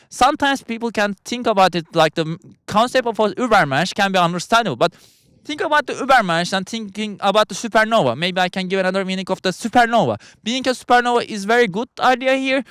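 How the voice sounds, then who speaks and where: A man's voice: high-pitched, fairly bright tone, clear, resonant tone, dry recording. A man hosting a podcast, delivering a rambling philosophical monologue in English that is not his first language, with frequent restarts and filler words. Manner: speaks English as a second language. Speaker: podcast host.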